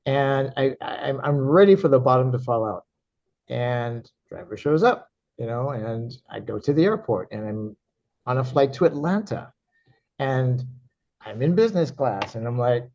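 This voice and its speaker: A man who teaches karate, telling a story in an interview and acting out his own quoted lines in a higher, animated voice. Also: moderate pace. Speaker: actor and karate teacher, podcast guest. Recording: slightly dull, lo-fi audio.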